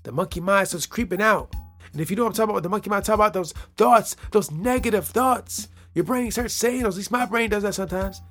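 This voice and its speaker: A man's voice: high-pitched, fast talker, fairly bright tone, soft background music. A man hosting a casual solo podcast, playful and rambling, repeating phrases and laughing at his own jokes. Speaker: podcast host.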